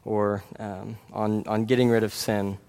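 A man's voice: lowish voice, flat delivery, measured pace, a little mellow. A man preaching a sermon in an earnest, conversational way, often checking in with the congregation. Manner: earnest, conversational, frequent "right?" tags and restarts.

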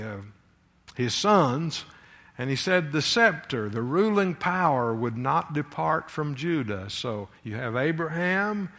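A man teaching from the Bible in a sermon, reading verses aloud with rising emphasis and pausing with fillers as he explains. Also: a little high, fairly bright tone. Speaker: preacher teaching scripture.

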